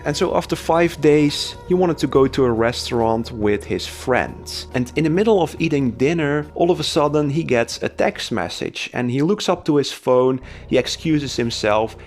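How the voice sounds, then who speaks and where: A man casually narrating a storytime video in a loose, chatty way with everyday fillers. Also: on the high side. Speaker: storytime YouTuber.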